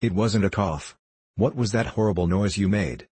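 A man's voice: on the low side, moderate pace, darkish tone, breathy edge, no room sound. A man voicing a pompous, temperamental star actor with icy, theatrical outbursts, in an audiobook reading. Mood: exasperated. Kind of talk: audiobook character voice.

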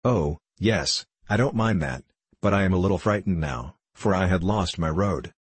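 Timid lost little girl, a guy reading her in his own low husky voice, dry close sound. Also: expressive, normal speed, no echo. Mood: timid earnest. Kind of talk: audiobook reading.

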